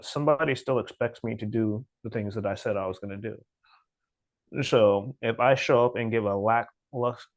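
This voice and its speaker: A man co-hosting a podcast, talking bluntly and preachily about discipline, breaking into animated mocking asides. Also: lowish voice, no echo. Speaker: podcast co-host. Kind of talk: casual motivational chat.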